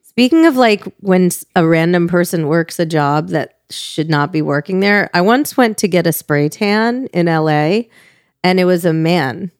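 A woman's voice: fairly low pitch, moderate pace, clear, resonant tone, no room sound, clean studio sound. A woman co-hosting a podcast in casual chat, blunt and swearing freely. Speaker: podcast co-host.

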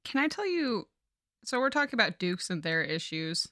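Woman co-host, casual chat, swears freely, bright tone, dry close sound. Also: mid-range voice, normal speed, dry recording. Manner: chatty, profane, animated storyteller. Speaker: podcast co-host. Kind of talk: casual chat recapping a book.

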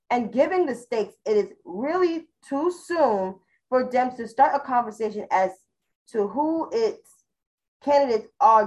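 A woman's voice: mid-range voice, a little mellow. A woman co-hosting a panel talk show with a New York accent, ranting in a profane, mocking, fiery way. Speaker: podcast co-host. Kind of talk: heated casual panel chat.

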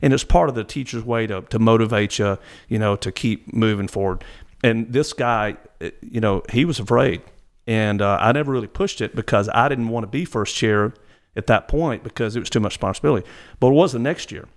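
A man's voice: lowish voice, fairly quick. A middle-aged man from Mississippi, telling stories as a guest, rambling with frequent restarts. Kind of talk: casual storytelling.

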